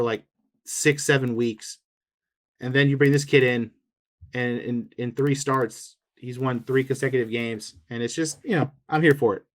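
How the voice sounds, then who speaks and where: A man co-hosting a casual sports podcast, talking with enthusiasm and cracking jokes. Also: mid-range voice. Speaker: podcast co-host.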